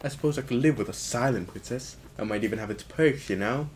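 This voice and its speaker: A man's voice: mid-range voice, fast, slight background noise, lightly acted. A man voicing a vain, smug monster king in a video game, speaking in a pompous, gloating way.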